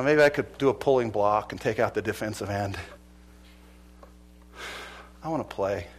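A middle-aged male pastor preaching a sermon, swinging from loud exhortation to hushed, earnest appeals. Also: medium pitch, slight background noise.

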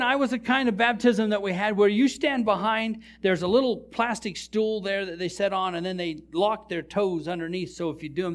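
A male pastor preaching a sermon, telling funny stories and joking with his congregation. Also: high-pitched. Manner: animated storytelling preacher, jokes with the congregation. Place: church.

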